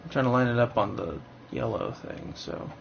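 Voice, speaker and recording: Gravelly young man thinking aloud. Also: mid-range voice, animated, normal speed, highs cut off, background noise. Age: young adult. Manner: thinking aloud, rambling and hesitant. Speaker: livestreamer playing a game. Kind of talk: live gameplay commentary.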